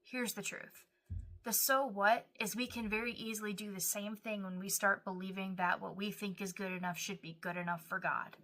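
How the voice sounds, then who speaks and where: An earnest woman delivers a devotional Bible teaching, acting out short prayers and verses as she goes. Her voice is bright and forceful, with a middle pitch. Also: steady tone, normal speed.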